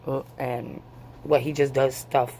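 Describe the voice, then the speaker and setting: A woman's voice: rumbling low, little pitch movement, slow pace, warm tone, slight background noise. A woman in her forties venting to her camera, angry, tired and swearing freely. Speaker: vlogger.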